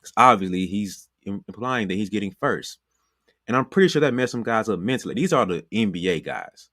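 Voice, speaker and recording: A basketball trainer delivers a motivational coaching talk in a conversational way, repeating phrases and often saying "you know." His voice is on the low side with lively intonation, a little fast and a bit bright. The clean studio recording has no room sound.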